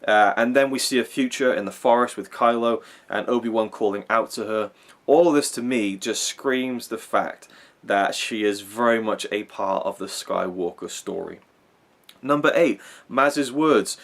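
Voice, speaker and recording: Man with a lowish voice, casual fan commentary, rambling delivery, repeats and restarts words. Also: moderate pace, a bit bright. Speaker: film review channel host.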